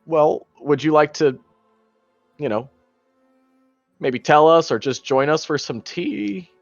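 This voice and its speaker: A man speaking in character at a tabletop game, friendly and halting. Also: on the high side, no room sound. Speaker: player voicing his character. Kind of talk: tabletop role-play in character. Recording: dull sound, faint music behind.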